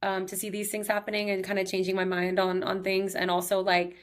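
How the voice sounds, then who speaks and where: A woman's voice: medium pitch, monotone, brisk. A woman in her thirties hosting her own podcast, telling personal stories in a chatty, upbeat way full of "like" and "he's like". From Texas. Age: 30s. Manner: chatty, heavy use of "like", emotional and upbeat. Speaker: podcast host. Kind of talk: casual personal storytelling monologue.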